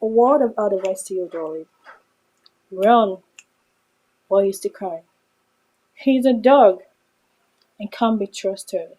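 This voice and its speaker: A woman in a film drama, giving slow mocking warnings. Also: medium pitch, dark tone, a little hiss or hum, lightly acted, rough recording.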